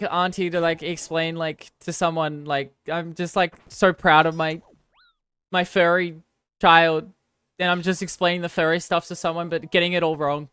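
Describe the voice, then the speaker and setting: Woman streamer rambling on, keeps apologizing, smooth clear voice, dry close mic. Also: fairly low pitch, fairly bright tone, dry recording. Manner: rambling, self-deprecating, apologetic, chatty. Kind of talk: casual live-stream chat with viewers.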